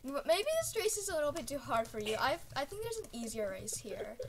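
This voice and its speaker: A woman's voice: sits high, sing-song, brisk, background noise. A woman hosting a casual gaming video, coaching a friend with teasing, giggly remarks. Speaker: gaming channel host.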